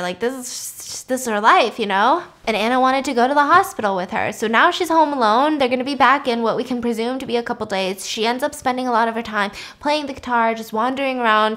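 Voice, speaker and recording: A woman's voice: on the high side, fairly bright tone. Chatty young woman recapping a movie. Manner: chatty, acts out characters' lines in quick voices. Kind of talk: casual movie recap storytelling.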